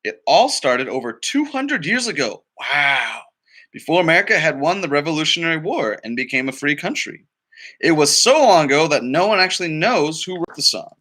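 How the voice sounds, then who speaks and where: Male librarian, children's read-aloud, chatty and questioning, high lively voice. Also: moderate pace. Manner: chatty, asks listeners questions.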